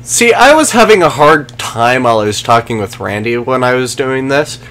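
A man's voice: medium pitch, big pitch swings, moderate pace, fairly bright tone. A man streaming a video game, swearing and sarcastically taunting enemies while chatting with viewers. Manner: profane, sarcastic, talks to game enemies and chat. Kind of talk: live gameplay commentary.

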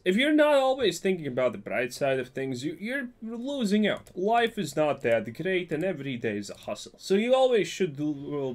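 Young man, card game commentary, sarcastic banter, animated pitch, fairly high voice. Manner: joking, sarcastic rambling. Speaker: gaming YouTuber. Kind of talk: gameplay commentary.

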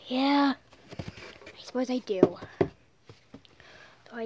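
A woman's voice: high-pitched, steady tone, drawn-out words, pauses often, darkish tone, a little hiss or hum. A woman voicing squabbling contestants in an amateur cartoon, with a petulant, bickering delivery.

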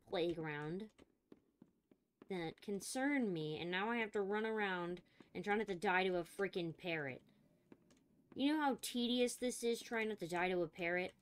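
Young woman, streamer, let's play commentary, jittery, swearing, medium pitch. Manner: jittery, swearing, talking to herself while scared.

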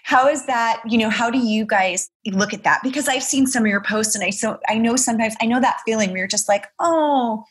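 Woman podcast host, animated, chatty, relatable. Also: on the high side, brisk, few pauses. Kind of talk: casual podcast interview.

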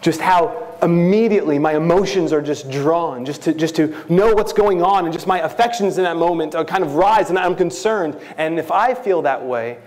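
A man's voice: a little high, moderate pace, hardly any pauses, a little mellow. A man with a New York accent preaching a sermon as a pastor, earnest and rising to impassioned, prayerful pleading.

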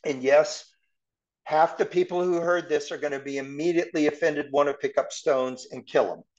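A man's voice: a little high, steady tone, normal speed, a little mellow, dull audio. A man giving verse-by-verse Bible teaching in a conversational way, asking his class rhetorical questions.

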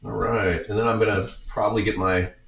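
A man's voice: on the low side, steady tone, brisk, creaky, fairly bright tone, slight background noise. A man in a home kitchen talking through a recipe in a casual, rambling way with joking asides. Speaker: home cook showing a recipe. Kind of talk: casual cooking demonstration. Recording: echoey kitchen, mic at a distance.

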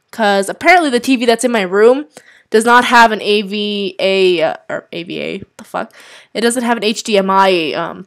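A young woman commenting casually on a game stream, chatty and jumpy, with lots of "um"s and swearing at the scares. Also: medium pitch. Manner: chatty, with frequent "um"s, swearing and startled exclamations.

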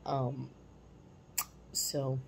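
A woman in her forties shares a family story in a loose, candid way, now and then sinking to a soft hush. Her voice sits very low and sounds dark and mellow, with a faint hiss underneath. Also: monotone, very slow, vocal fry, low-quality recording. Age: 40s. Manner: candid, reflective, drops to a soft hush at times. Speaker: parenting vlogger. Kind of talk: casual personal storytelling.

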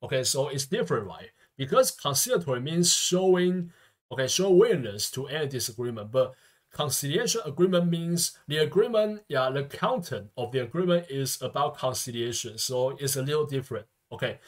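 A man's voice: mid-range voice, expressive, normal speed. Man teaching vocabulary with constant okay tags. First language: Mandarin. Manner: peppers speech with constant "okay" and "yeah" tags. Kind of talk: vocabulary lesson lecture.

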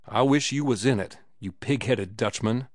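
Male reader plays excitable boozy laundryman. Slangy, bursts out loud. Dry recording. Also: on the low side, moderate pace, dry recording, close to an everyday voice. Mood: exultant. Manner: slangy working-class talk, loud outbursts. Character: rough hard-drinking laundryman, excitable and boastful.

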